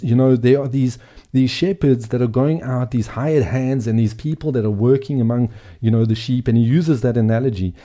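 Man teaching scripture, earnest and emphatic, really dark mellow voice. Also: medium pitch. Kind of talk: bible teaching.

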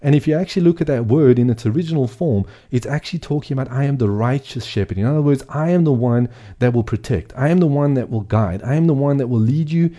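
A man's voice: medium pitch, quick pace, few pauses, mellow. A man giving earnest Bible teaching, speaking emphatically and repeating phrases for emphasis.

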